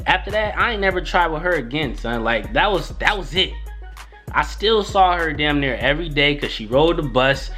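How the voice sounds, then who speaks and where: A man's voice: a little high, expressive, moderate pace, bright, forceful tone, soft background music. A young man casually telling a profane, slangy personal story on his channel. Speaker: YouTuber.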